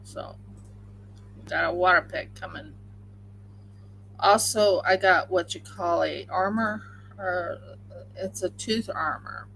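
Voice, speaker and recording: A woman's voice: fairly low pitch, slow, creaky, pauses often, a bit bright, a little hiss or hum, poor audio. A woman hosting a crafting livestream, chatting casually and rambling with many fillers while she crochets at home.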